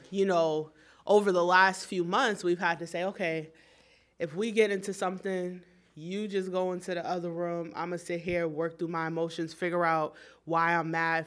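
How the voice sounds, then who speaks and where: A woman's voice: lowish voice, fairly bright tone. Young woman in a discussion circle, frank and reflective, talking it through casually. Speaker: group participant.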